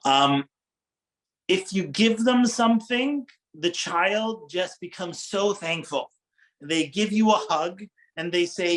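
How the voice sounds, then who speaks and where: A man's voice: high voice, measured pace, a bit bright, low-quality recording. Light-voiced middle-aged man preaching conversationally. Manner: engaging, asks the audience questions, laughs lightly. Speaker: Islamic preacher. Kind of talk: conversational religious talk to an audience.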